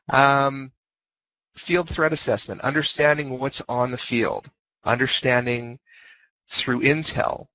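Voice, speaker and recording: A man's voice: mid-range voice, a bit bright, no room sound. Man, guest lecturer, laid-back and jokey, repeats key points; dry, muffled voice-chat sound. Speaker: guest lecturer on fleet command. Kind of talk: informal lecture over voice chat. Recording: dull lo-fi voice chat audio.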